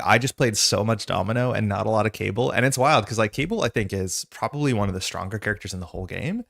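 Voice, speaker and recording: A man hosting a live stream in casual chat, talking in a rambling, chatty way with a hoarse voice that is still recovering from losing it. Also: on the low side, a bit bright, no echo, clean studio sound. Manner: rambling and chatty, many "like" fillers. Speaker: stream host.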